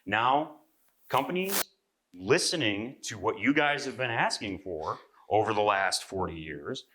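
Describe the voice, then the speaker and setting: This magazine editor's voice sits on the low side and is a bit bright, with lively intonation and a slightly slow pace, plus a little hiss or hum. Talking live to a seminar audience in a convention room, he keeps it conversational, throws in "right?" often, and clears his throat.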